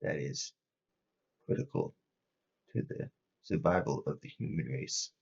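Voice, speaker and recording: Monotone entity voice done by a man, cryptic, cold, low, gravelly, slow. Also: dull audio, heavily acted. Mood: flat, cryptic. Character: eerie entity speaking through a young man, flat and cold.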